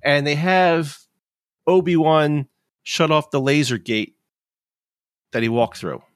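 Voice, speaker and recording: A man's voice: a little high, expressive, slow, dry recording, studio quality. A man in his fifties, chatting casually and ranting in frustration, swearing freely. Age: 50s. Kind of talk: casual chat.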